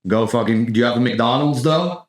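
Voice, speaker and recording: A man's voice: mid-range voice, a little fast. A young American man hosting a podcast, riffing in a rambling, profane, sarcastic comedic monologue and saying "dude" constantly. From United States. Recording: echoey room.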